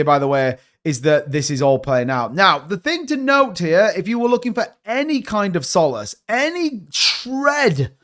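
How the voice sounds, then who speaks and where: A man hosting a live stream, giving casual market commentary in an animated, joking way, repeating catchphrases. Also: fairly high pitch. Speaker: crypto channel host.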